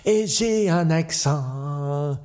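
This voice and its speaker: Comedy sketch: man playing a preening musical star, high voice, mock-French lilt, faint music under. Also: very slow, a little mellow. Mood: crooning. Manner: exaggerated mock-French phrases, sing-song. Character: showy male film-musical star, hammy fake French.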